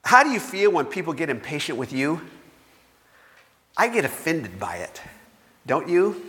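A man's voice: fairly high pitch, very animated, measured pace, pushed and bright. A man preaching a sermon, telling stories with self-mocking humor. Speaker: pastor. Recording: long reverb of a large hall.

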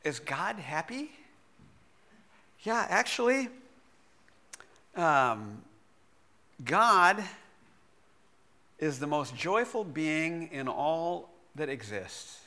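A middle-aged man, a pastor, preaching a sermon and telling a personal story in a lively way, laughing often. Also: fairly high pitch, very slow, pauses often.

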